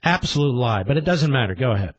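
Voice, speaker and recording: A man's voice: mid-range voice, expressive, fast talker, no echo, muffled recording. A man hosting a combative political talk radio show, indignant and emphatic, firing rhetorical questions and repeating his points.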